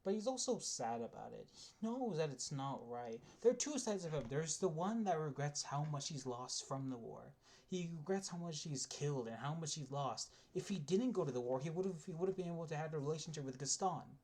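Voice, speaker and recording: A man's voice: a little high, expressive, a little fast, a little mellow. A man delivering a casual, rambling spoken rant as a video essayist, with frequent restarts and the odd swear.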